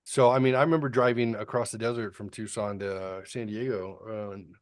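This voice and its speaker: A middle-aged man with a fairly low voice, talking through a long story in a relaxed podcast chat. He rambles, restarts and fills pauses with ums and uhs, and he swears bluntly and casually. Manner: rambling storytelling with frequent fillers. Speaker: podcast co-host.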